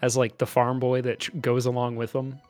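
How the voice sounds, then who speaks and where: A man's voice: medium pitch, monotone, brisk, darkish tone, faint music behind. A man co-hosting a podcast, chatting casually about a movie in a loose, rambling way with lots of filler words. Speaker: podcast co-host.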